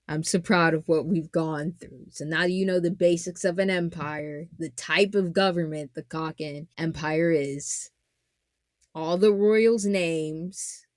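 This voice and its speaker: A woman hosting a casual anime analysis podcast, joking and animated, swinging from loud exclamations to low muttered asides. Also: dry recording, clean studio sound. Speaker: podcast host.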